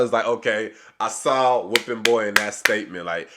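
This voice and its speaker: A man with a low voice that still cuts through crisp and bright. He retells a reality show episode in loose, casual recap talk, stumbling and restarting as he acts out the back-and-forth. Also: normal speed, hardly any pauses. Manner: rambling retelling with many restarts and quoted dialogue.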